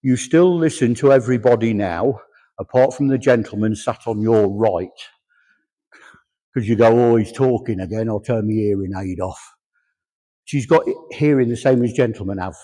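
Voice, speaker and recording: A man's voice: on the low side, normal speed, warm tone. A man, working as a medium at a church service, relaying spirit messages with chatty humor and quoted voices.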